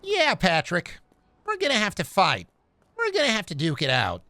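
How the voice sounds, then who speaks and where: SpongeBob, squeaky and giggling. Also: male voice, wildly swooping pitch, moderate pace, pushed and bright, dry recording, heavily acted. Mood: giggly, grandiose. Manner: giggly, breathless, dramatic. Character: excitable squeaky male cartoon sea sponge. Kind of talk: comic impression on a game stream.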